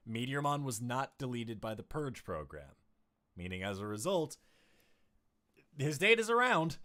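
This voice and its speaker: A man running a tabletop game as game master, chatting casually and laughing often at his own slips. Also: mid-range voice. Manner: laughs often, self-mocking, animated.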